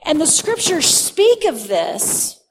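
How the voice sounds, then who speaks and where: Woman preaching, high voice, earnest, leans on words slow. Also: sing-song. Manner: earnest teaching with emphatic slowed words. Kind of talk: sermon.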